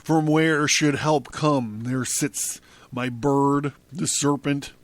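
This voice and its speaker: A man's voice: a little high, steady tone, takes it slowly, no room sound. A man hosting a podcast, reading a book aloud in the first person and breaking off with amused, chuckling asides. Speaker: podcast host.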